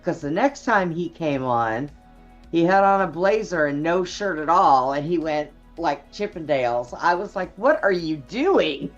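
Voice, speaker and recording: A woman with a low voice chats in a slow, unhurried way, blunt and gossipy. Her pitch swings widely as she teases. The stream audio is dull and lo-fi, with faint music underneath. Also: animated. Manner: gossipy, blunt, laughs often. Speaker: show host. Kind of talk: casual chat.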